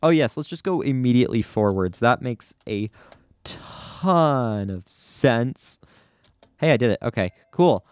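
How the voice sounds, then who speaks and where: A man's voice: medium pitch, animated, measured pace, a little mellow, clear, resonant tone, no echo. A young man giving casual, chatty commentary over his own gameplay, often flustered and poking fun at himself. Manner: chatty, self-deprecating, easily flustered. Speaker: gaming YouTuber.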